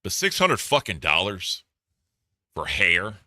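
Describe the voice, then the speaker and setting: A man's voice: low-pitched, huge pitch swings, takes it slowly, sharp tone, no room sound, clean studio sound. A man doing casual reaction commentary, blunt and profane, reading donor messages aloud. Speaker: commentary streamer.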